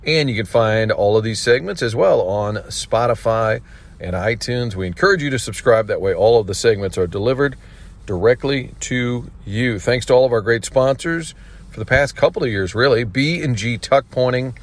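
Man, radio host, chatty, enthusiastic, sponsor reads, mid-pitched voice. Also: moderate pace.

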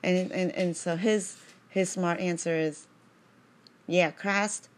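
A woman's voice: lowish voice, flat delivery, measured pace, a little mellow. A woman reading a religious text aloud at home, breaking off into chatty, digressive asides and asking "right?" again and again.

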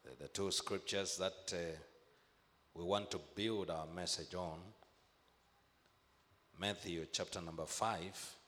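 A man preaching a sermon, emphatic, repeating phrases and slowing to stress key words. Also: low voice, fairly even intonation, fairly bright tone, big-room sound.

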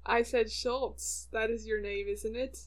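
Dry, deadpan young woman. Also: fairly high pitch, unhurried. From northern United States. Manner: dry, deadpan, laughs easily. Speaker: podcast co-host. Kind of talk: casual chat.

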